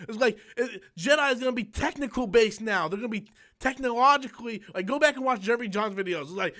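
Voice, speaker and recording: A man with a high voice rants through a live-stream chat. He swears constantly and slips into mocking impressions of other people. He is young and talks loosely and off the cuff. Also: lively intonation, quick pace, fairly bright tone. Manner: profane, ranting, mocking, with mimicked quotes. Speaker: channel host.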